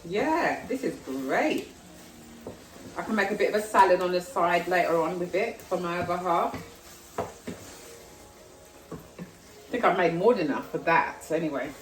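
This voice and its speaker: The speaker is a vlogger from South London who chats with a London accent and plenty of self-deprecation while cooking at home. She has a lowish, expressive voice at normal speed, broken by long pauses. The echoey kitchen, distant mic and sizzling frying food color the sound.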